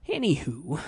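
A Midwestern man hosting a podcast, his voice gravelly and swinging up and down in pitch as he jokes and laughs at himself. He sounds close and dry on a studio mic in a small room. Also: dry recording. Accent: Midwestern American. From small town in Indiana, US Midwest. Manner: laughs often, self-mocking, lively joking banter. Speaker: podcast host. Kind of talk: casual podcast chat. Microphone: studio mic on a spring arm.

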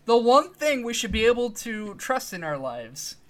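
A man's voice: extremely high pitch, big pitch swings, normal speed, fairly bright tone. A man co-hosting a casual podcast, playful and laughing often as he tells a story. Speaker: podcast co-host.

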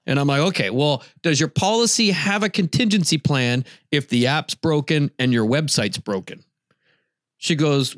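A man's voice: a little high, moderate pace, a bit bright, no room sound, studio quality. A middle-aged man co-hosting a podcast, telling a long story in casual chat and laughing often. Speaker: podcast co-host.

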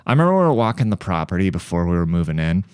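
A man's voice: sits low, big pitch swings, very fast, darkish tone, clear, resonant tone, no room sound, clean studio sound. A man hosting a podcast, telling crude, profane stories casually and laughing often. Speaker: podcast host. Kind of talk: casual comedic storytelling.

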